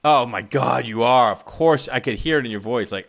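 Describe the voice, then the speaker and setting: A man's voice: medium pitch, moderate pace, vocal fry. A man hosting a golf podcast, teasing his callers in loose, joking chat. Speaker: podcast host. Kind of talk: casual comedic podcast talk.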